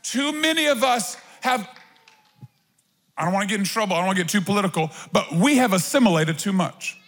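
A man preaching to his church in a lively, conversational way, with frequent asides to the crowd. His voice sits high for a man. A long reverb hangs on every word, the sound of a large church auditorium. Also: a little fast. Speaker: pastor. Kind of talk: sermon.

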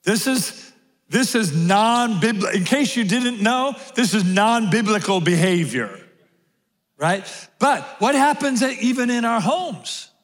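A man preaching a sermon to a gathered congregation. He repeats key phrases slowly for emphasis. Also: sits high, expressive, long reverb tail. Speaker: pastor. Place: large room with audience.

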